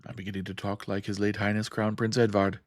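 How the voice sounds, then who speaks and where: A man voicing a troubled male prince who speaks earnestly and gravely, in a sci-fi audiobook. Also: lowish voice, little pitch movement, fast, dry recording, clean studio sound, voice pushed up, close to an everyday voice.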